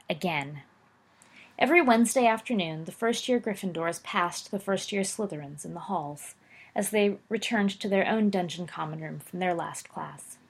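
A woman narrating a story aloud, expressive with occasional slips and self-corrections. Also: lowish voice, husky. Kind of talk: audiobook narration of fan fiction.

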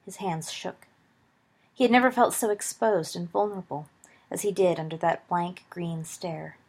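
A woman reading a story aloud in a steady, expressive way. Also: lowish voice, moderate pace, slightly rough. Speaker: reader. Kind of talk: reading fan fiction aloud.

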